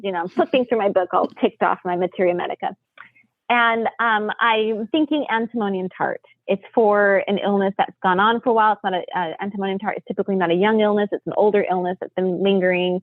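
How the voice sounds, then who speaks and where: A woman's voice: quick pace, dry recording. An American woman tells stories as a podcast guest, bouncing between voices as she acts out quotes and breaks into laughter. She sounds like she is on a phone line, thin and tinny. The sound is close and dry, with no room around it. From United States. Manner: animated, acts out quotes with big pitch jumps, laughs often. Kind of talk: storytelling in casual chat.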